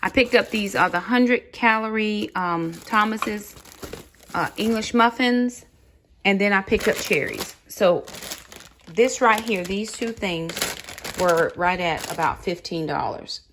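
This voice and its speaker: A woman's voice: mid-range voice, slow pace, noisy background. Chatty mom talking to her camera. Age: adult, mother of four. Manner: chatty, talks straight to viewers, says y'all. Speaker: family vlogger. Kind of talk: casual grocery haul vlog. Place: home kitchen.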